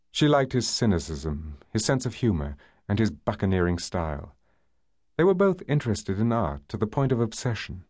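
A man narrating a novel as an audiobook, in a measured and expressive storytelling manner. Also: lowish voice, no room sound, studio quality. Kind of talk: scripted narration.

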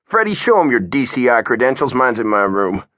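A man's voice: mid-range voice, sing-song, brisk, fairly bright tone, dry recording, studio quality, pitched above the performer's own voice. A man voicing a cocky young man in his twenties who is in charge and talks in a brash, commanding way. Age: 20s.

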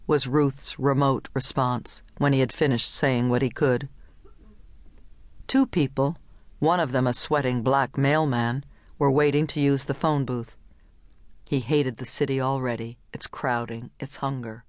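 Measured woman reading literary fiction. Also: a bass voice, dry recording. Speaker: audiobook narrator. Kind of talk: literary audiobook narration.

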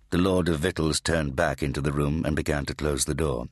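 A man narrating an audiobook in a measured, grave storytelling manner, on a close studio mic. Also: very deep voice, fairly even intonation, dry recording. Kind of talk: scripted narration.

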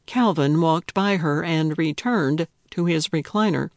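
A woman narrating a cozy mystery audiobook in a measured, unhurried way. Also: on the low side, lively intonation, a little mellow, no room sound, studio quality. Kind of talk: scripted narration.

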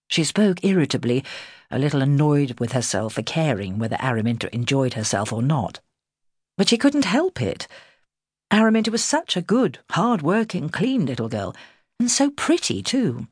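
A woman narrating a historical novel in a measured, expressive storytelling manner, close to the mic. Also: rumbling low, slightly rough, dry recording. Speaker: audiobook narrator. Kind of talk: scripted narration.

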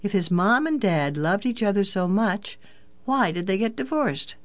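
An audiobook narrator reading a children's adventure story in a clear, even storytelling manner. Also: mid-range voice, moderate pace.

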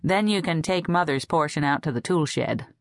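A woman's voice: low-pitched, animated, moderate pace, no echo, studio quality. A woman narrator voicing a weary, wry middle-aged wife who is a little cross.

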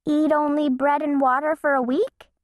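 A woman's voice: high voice, little pitch movement, normal speed, no echo, studio quality, pitched above the performer's own voice, natural voice. A woman voicing a spunky, mischievous little girl in a bouncy, cheeky way. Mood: sheepish.

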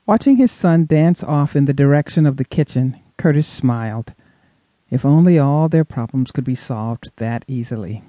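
A man narrating a suspense audiobook in an expressive storytelling manner. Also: mid-range voice, normal speed, dry recording. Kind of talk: scripted narration.

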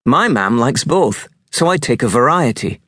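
A man's voice: medium pitch, sing-song, moderate pace, a bit bright, dry recording, clean studio sound. A man voicing an eager young island lad who talks in an earnest, coaxing way.

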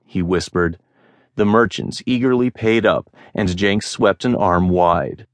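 A man narrating a fantasy audiobook in a measured, even storytelling manner. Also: sits low, no room sound. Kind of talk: scripted narration. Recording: dry studio sound.

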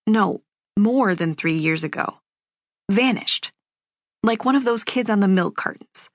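A woman reading a first-person novel aloud as an audiobook, in a measured, unhurried telling. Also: mid-range voice, expressive, no echo, studio quality. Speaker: audiobook narrator.

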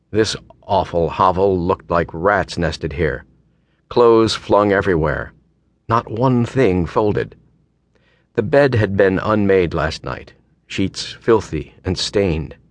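A man narrating an audiobook in a steady, measured way, recorded on a close studio mic. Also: deep voice, no echo. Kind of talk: scripted narration. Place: recording booth.

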